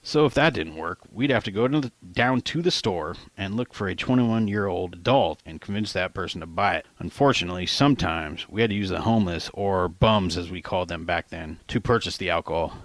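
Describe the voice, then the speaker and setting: A man's voice: deep voice, lively intonation, brisk, few pauses, a bit bright, no echo. A man reading his own novel aloud as an audiobook, in a casual, conversational manner with slang. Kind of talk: audiobook narration.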